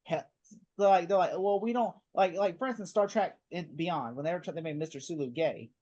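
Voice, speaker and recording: A man co-hosting a casual podcast chat, animated and rambling, often laughing and restarting his sentences. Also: on the high side, fairly quick, muffled recording. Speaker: podcast co-host.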